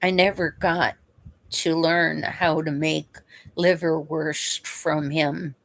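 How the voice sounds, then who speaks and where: Woman, very slow speech, lowish voice, reminiscing, casual storytelling, soft chuckles. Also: flat delivery. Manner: unhurried and reminiscing, chuckles between memories. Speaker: vlogger.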